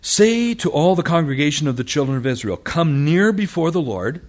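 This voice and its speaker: A pastor with a slightly high voice preaches at a moderate pace, reading scripture aloud. He brings the passages to life, animatedly acting out what the people and God say.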